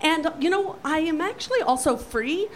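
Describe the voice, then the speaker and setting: High-pitched woman doing a loud, sweary funny story, bit of background hiss. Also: normal speed. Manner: brash, profane, animated storytelling. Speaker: storyteller guest. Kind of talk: comic storytelling.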